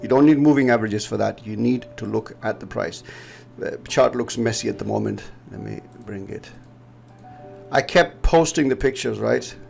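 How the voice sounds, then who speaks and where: Faint music sits behind this trading educator from Pakistan as he rambles through chart analysis, explaining casually and laughing a lot in his Pakistani English accent. His voice is lowish, creaky, and a little mellow, at normal speed.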